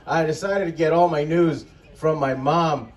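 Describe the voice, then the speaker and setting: A man's voice: a little high, fairly even intonation, a little slow. A man doing a crude, profane stand-up comedy set in an outdoor festival tent, telling his stories with exasperation. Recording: distant crowd recording with background noise. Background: audience laughter.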